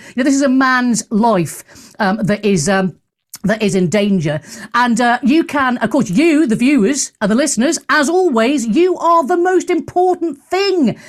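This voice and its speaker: A middle-aged woman hosting a talk radio show, giving a brash, sarcastic monologue with theatrical asides. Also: on the high side.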